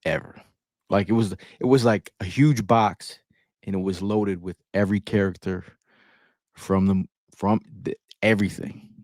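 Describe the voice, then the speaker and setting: Low-voiced man telling stories casually. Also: steady tone, normal speed, darkish tone, no room sound, clean studio sound. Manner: storytelling, emphatic, repeats phrases. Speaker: podcast co-host. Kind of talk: casual sports podcast banter.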